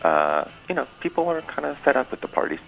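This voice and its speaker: A man's voice: mid-range voice, very animated, quick pace, creaky, lo-fi sound. A middle-aged man, a guest comedian on a casual radio interview, talking with a dry, teasing wit.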